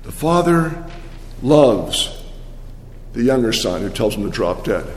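An older man preaching a sermon, telling the story with animated energy and frequent restarts. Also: mid-range voice, takes it slowly, big-room sound, slight background noise.

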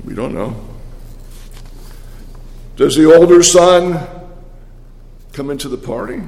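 An older man preaching a sermon, telling the story with animated energy and frequent restarts. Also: on the high side, takes it slowly, vocal fry, long reverb tail.

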